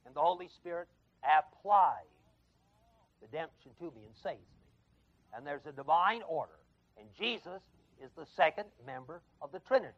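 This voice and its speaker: A man with a high voice and a gravelly edge teaches a Bible class, pressing his points hard and firing questions at the students. The sound is dry and close, on a dull, lo-fi tape from 1979. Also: sing-song, moderate pace, dry recording. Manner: emphatic, quizzes the class with questions. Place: adult education classroom.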